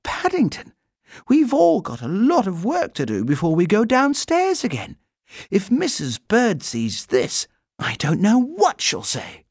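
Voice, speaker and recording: A man's voice: high-pitched, huge pitch swings, measured pace, darkish tone, slightly rough, no echo, clean studio sound, voice pushed up, full character voice. A man voicing a bossy, caring young girl in a storybook reading, urgent and scolding.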